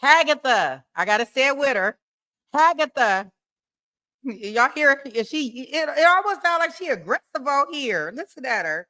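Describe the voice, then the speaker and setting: Woman streamer, playful and chatty, higher bright voice, casual live chat at her desk. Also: very animated, brisk, few pauses. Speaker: livestream host. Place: home desk.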